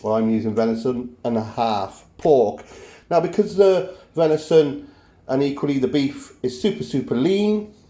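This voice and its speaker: A man's voice: mid-range voice, mellow. A man hosting a cooking show, talking the viewer through a recipe in a jokey, self-mocking way. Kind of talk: cooking demonstration.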